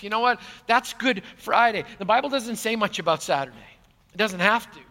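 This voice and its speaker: Male pastor, bright, high voice, animated sermon delivery, big reverberant church hall. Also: a little fast. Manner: animated, swings from loud to hushed. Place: large church auditorium.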